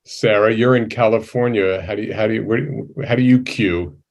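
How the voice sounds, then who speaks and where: A man with a low, gravelly voice hosts a panel over video call. He asks long, rambling questions, restarting and filling gaps as he goes. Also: steady tone, moderate pace. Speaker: moderator.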